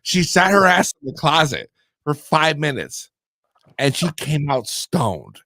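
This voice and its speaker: Casting: profane storytelling host, bright, lively voice, higher male pitch. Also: a little slow, no room sound. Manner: profane, laughing, animated storytelling. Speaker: podcast host. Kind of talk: casual podcast chat.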